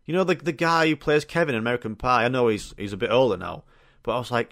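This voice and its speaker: Chatty Yorkshire lad with a dry sound. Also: male voice, medium pitch, fast talker, fairly bright tone, no echo. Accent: Yorkshire English. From Yorkshire, England. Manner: rambling and chatty, frequent fillers and swearing. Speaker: podcast host. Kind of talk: casual storytelling chat.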